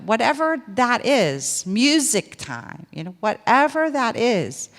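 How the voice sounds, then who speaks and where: A woman preaching a sermon in a lively, conversational way, acting out little dialogues as she goes. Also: medium pitch, in a large hall.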